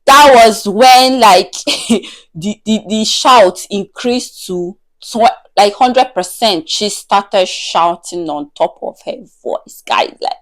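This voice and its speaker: A woman's voice: mid-range voice, slow pace. A woman, telling a personal story in a casual, chatty way, full of "like". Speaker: vlogger.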